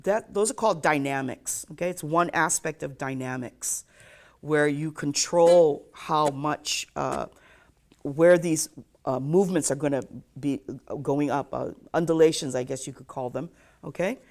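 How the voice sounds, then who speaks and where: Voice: medium pitch, unhurried, a little mellow. A ukulele teacher giving a live online lesson, counting beats aloud and checking in with "okay?" after nearly every point.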